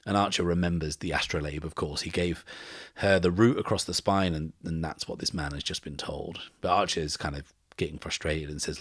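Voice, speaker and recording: A man hosting a podcast and narrating a solo tabletop game in a relaxed, descriptive way. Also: rumbling low, a little fast, slightly rough, dry recording, studio quality. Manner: relaxed, descriptive, uses fillers. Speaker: host and game master.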